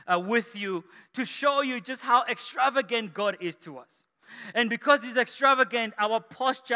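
A man preaching a sermon as pastor to his church, energetic and rising to shouts, from South Africa. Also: high-pitched. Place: large church hall. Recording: echoey church hall.

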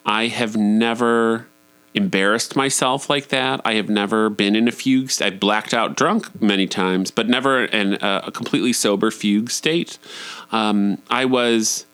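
A man's voice: on the low side, steady tone, measured pace, fairly bright tone, smooth, dry recording. A man in his forties telling a personal story in a candid, profane, self-deprecating way. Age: 40s. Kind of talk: personal monologue.

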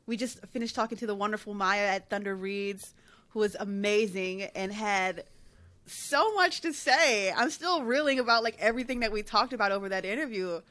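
A woman's voice: mid-range voice, moderate pace, a bit bright. A woman co-hosting a casual interview podcast, bubbly and encouraging toward her guest. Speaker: podcast co-host.

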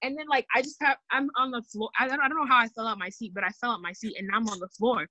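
A woman tells a story in a quick, breathy, slightly husky voice, tumbling from one detail to the next. Her delivery is animated and loose, full of fillers, casual podcast storytelling. The sound is dry and close. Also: on the high side, dry recording, rough recording. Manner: animated, rambling, lots of fillers. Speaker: podcast co-host.

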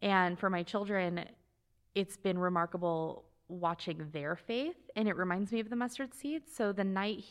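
On a talk show, a smooth, medium-pitched woman in her thirties, a mother of two, shares a heartfelt personal story. She speaks quickly and earnestly, halting and restarting as she goes.

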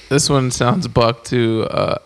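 A man's voice: mid-range voice, background noise. A man hosting a podcast, asking casual, joking interview questions. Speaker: podcast host.

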